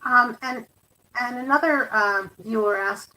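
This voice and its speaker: Woman moderator reading viewer questions, bright voice, lots of um, sounds far from the mic. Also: medium pitch, a little slow. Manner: hesitant, with frequent fillers. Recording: distant mic.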